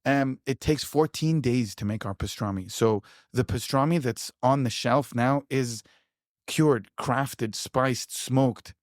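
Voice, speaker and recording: A man's voice: medium pitch, takes it slowly, dry recording, studio quality. A man, a pitmaster, chatting enthusiastically in an interview, rambling with lots of fillers and restarts. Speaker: pitmaster and producer. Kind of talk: casual conversational interview.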